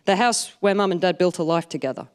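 A woman in her forties tells comic stories to a live audience. Her delivery is dry and self-mocking, and she lands her punchlines deadpan. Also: fairly low pitch, fast talker. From Australia. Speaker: stand-up comedian.

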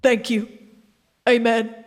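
A woman's voice: a little high, flat delivery, slow, slight background noise. Radio sketch: actress as an overdramatic male shock-jock at a funeral, mock-solemn. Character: crass male shock-jock radio co-host giving eulogy.

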